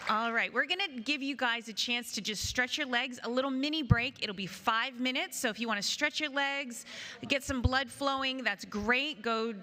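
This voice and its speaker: A woman emcee announcing to a crowd in a large convention hall, her voice bright and forward. She talks in a loose, chatty way. A long reverb trails each phrase. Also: high-pitched, moderate pace, slight background noise. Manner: chatty, addresses the crowd as "guys". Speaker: event host. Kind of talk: live event announcing.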